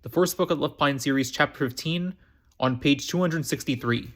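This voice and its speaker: On his own storytime channel, a man with a slightly high voice reads a novel aloud at a brisk pace. It's an amateur reading, and he often stumbles, restarts words and repeats phrases.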